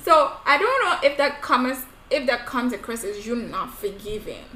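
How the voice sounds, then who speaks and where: A young woman in her twenties in casual conversation who gives expressive everyday examples and laughs easily. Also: a little high, normal speed. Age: 20s. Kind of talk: casual chat. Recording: echoey room with faint noise.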